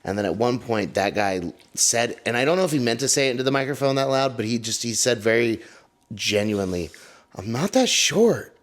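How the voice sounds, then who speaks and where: A man's voice: mid-range voice, fast. A man co-hosting a podcast, joking and teasing in casual chat, then telling his own story. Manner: teasing, jokey interjections. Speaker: podcast co-host, comedy event runner.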